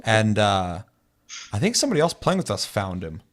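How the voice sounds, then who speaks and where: A man's voice: lowish voice, big pitch swings, normal speed. A young man co-hosting a gaming podcast, telling long, rambling stories full of swearing in casual chat. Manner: rambling, profane storytelling. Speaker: podcast co-host.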